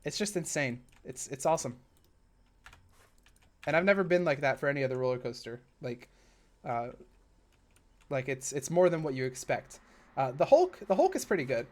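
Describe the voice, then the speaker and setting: While constructing a park in a game on stream, he chats easily, rambles into side tales, and gets abruptly excitable at times. His voice is mid-range, his pace moderate, and he leaves long pauses.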